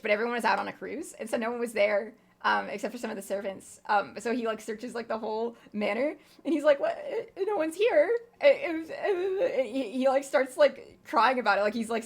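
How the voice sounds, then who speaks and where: Rambly young woman streamer, gravelly fry in her voice, swears a bunch while playing. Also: mid-range voice, a bit bright. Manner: rambling, filler-heavy, swears casually. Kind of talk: casual gameplay commentary.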